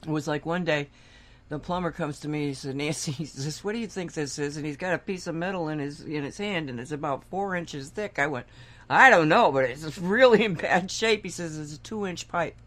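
A woman's voice: sits low, brisk. A woman co-hosting a radio talk show, telling a long anecdote in casual chat and laughing often. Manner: chatty storytelling, laughs often.

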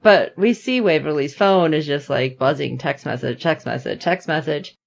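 A woman's voice: moderate pace, vocal fry, highs cut off. A woman co-hosting a casual chat, retelling a TV episode and acting out the characters' lines. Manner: animated, acts out characters' lines with big pitch jumps. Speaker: podcast co-host recapping a TV episode.

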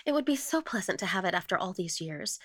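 Woman reads a no-nonsense, cheerful lady for an audio ghost story, pitched up and pushy, with a bright, dry sound. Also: sing-song, no echo. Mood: brisk. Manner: brisk and insistent, high and emphatic. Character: brisk, cheerful, practical middle-aged English lady.

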